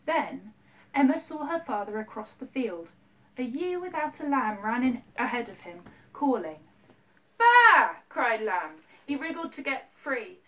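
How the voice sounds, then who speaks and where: A woman teacher filming herself at home, reading a picture book aloud to her class in a gentle, expressive way with little asides to the children. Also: a little high, measured pace. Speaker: primary school teacher. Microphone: self-filmed camera. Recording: distant mic, faint background noise.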